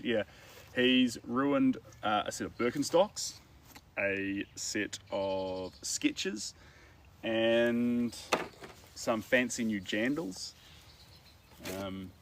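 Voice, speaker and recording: Lowish in pitch, this New Zealand man makes easygoing, rambling conversation full of filler words as he paints. He's recorded on a distant mic with faint outdoor ambience and slight background noise.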